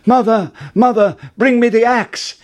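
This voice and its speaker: A man voicing Jack, an eager young boy in a storybook reading, calling out excitedly. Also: extremely high pitch, unhurried, pitched above the performer's own voice. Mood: urgent.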